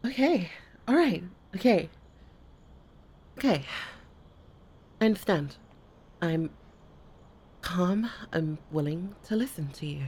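Slow-talking woman in a flustered audio role-play. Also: on the low side, expressive, a little hiss or hum. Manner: swears a lot, stammers and restarts when flustered; often drops to a hushed whisper.

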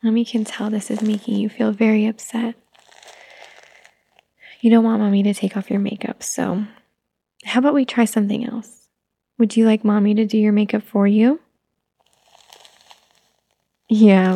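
A woman playing a gentle, patient young mother who softly coaxes her toddler, in a whispered role-play. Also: mid-range voice, flat delivery, moderate pace, vocal fry, husky. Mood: soothing. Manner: soft, coaxing, motherly.

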